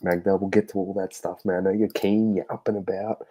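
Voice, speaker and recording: A man's voice: low voice, flat delivery, fairly quick, mellow, husky, poor audio. An Australian man co-hosting a sports podcast, telling stories in a loose, sweary, laughing way. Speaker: podcast co-host. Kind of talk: casual sports podcast chat.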